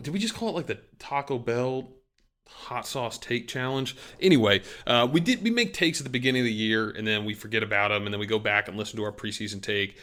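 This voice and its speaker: A man's voice: lowish voice, a bit bright. A man co-hosting a casual sports podcast, talking in a rambling, self-deprecating way with many fillers. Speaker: podcast co-host. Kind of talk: casual chat.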